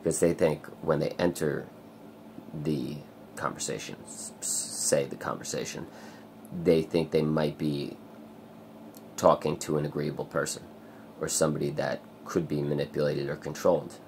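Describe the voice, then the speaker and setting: Very deep, gravelly-voiced man rambling. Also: fairly even intonation, normal speed, darkish tone, a little hiss or hum. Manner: rambling, swears a lot, many fillers. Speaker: vlogger. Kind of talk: casual personal vlog.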